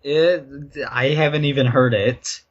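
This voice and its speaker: Slow-talking young man, dry and laid-back. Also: mid-range voice, fairly even intonation, breathy edge. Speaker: podcast co-host. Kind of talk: casual banter. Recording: dull lo-fi home mic.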